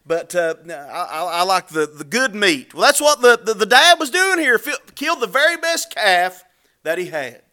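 Bright-voiced folksy man preaching. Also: big pitch swings, normal speed. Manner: folksy, conversational preaching with repetitions and asides; rises in pitch and volume when dramatizing scripture. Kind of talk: sermon.

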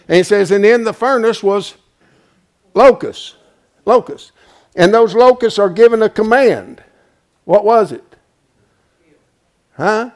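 High-voiced folksy male preacher. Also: vocal fry. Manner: asks the congregation questions and draws answers; swings from hushed asides to loud emphatic preaching. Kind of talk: folksy Bible teaching sermon.

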